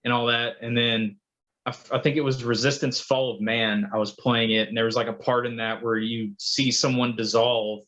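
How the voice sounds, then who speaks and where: A man's voice: medium pitch, flat delivery, moderate pace, fairly bright tone. A man on a podcast, chatting casually as a father and telling long rambling stories, acting out the quotes. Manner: rambling storyteller, acts out quotes. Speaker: podcast co-host. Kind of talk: casual chat. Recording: dull lo-fi sound.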